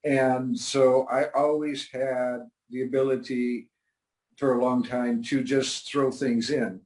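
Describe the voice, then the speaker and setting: An older man, a comic creator guest, telling stories in a dry, matter-of-fact way with hesitant pauses. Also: medium pitch, little pitch movement, a little mellow, rough recording. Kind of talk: relaxed interview talk.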